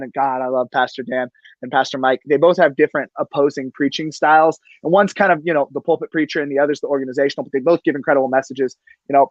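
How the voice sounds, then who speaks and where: An excitable man hosts a casual podcast chat, gushing as he talks. His voice sits a little high and sounds dry and close. The recording is a bit dull and lo-fi. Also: dry recording. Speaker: podcast host.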